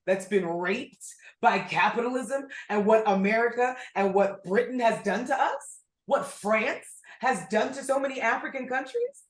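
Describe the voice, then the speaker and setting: Blunt, animated woman podcast host. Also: a little high, normal speed, reverberant. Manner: blunt, animated, swears freely. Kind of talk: casual podcast chat.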